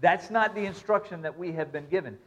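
High-voiced preacher. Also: male voice, fairly quick, fairly bright tone, muffled recording. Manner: emphatic, repetitive preaching with scripture reading. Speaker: pastor. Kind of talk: sermon.

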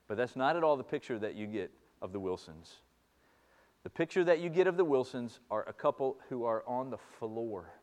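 A man preaching a sermon, moving from hushed, slow passages to loud, fervent ones and repeating phrases for emphasis. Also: mid-range voice, animated. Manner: impassioned, swings from hushed to loud. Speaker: pastor.

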